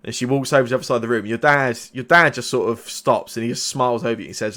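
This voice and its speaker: A man acting as game master, who narrates a tabletop game in a halting way with many restarts. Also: mid-range voice, pushed and bright.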